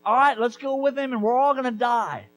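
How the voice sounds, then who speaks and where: A man's voice: very high-pitched, fairly quick, slight background noise, voice pushed up. A man voicing a gung-ho male follower who brashly declares they will all die together. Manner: brash, fatalistic bravado.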